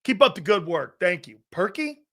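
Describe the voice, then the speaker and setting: A middle-aged man hosting a live sports talk show, reading chat messages aloud, laughing often and arguing back loudly. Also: high voice, a little slow. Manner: loud, excitable, laughs often, argues with chat.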